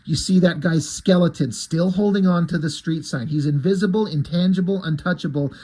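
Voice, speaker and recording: Husky-voiced man enthusing over a comic. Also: on the high side, fairly quick, dark tone. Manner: enthusiastic, sweary, thinking aloud. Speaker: comic book reviewer. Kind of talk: casual reading and commentary.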